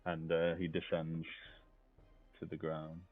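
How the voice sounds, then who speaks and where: A man playing a tabletop game, talking softly in murmurs. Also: rumbling low, monotone, slow pace, soft background music. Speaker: player. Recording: tinny voice chat line.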